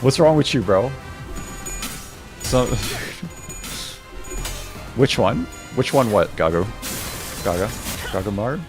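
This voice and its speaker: A man's voice: mid-range voice, expressive, slow pace, pauses often, over music. A young man streaming games, chatting casually, laughing often and bickering playfully with his chat.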